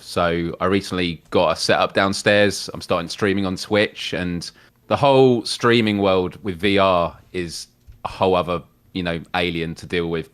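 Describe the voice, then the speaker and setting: A man's voice: deep voice, fairly bright tone. A man guesting on a live gaming show, explaining his projects in an easygoing, chatty way. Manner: easygoing, explanatory, loose with fillers. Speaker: guest co-host. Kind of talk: casual chat.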